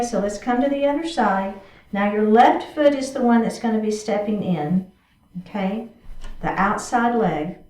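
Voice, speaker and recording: A woman teaching a chair yoga class, cueing each move step by step and checking in often with her students. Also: on the high side. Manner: encouraging, cueing moves step by step with frequent check-ins. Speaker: yoga instructor. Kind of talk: guided exercise class instruction. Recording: roomy sound from a distant mic.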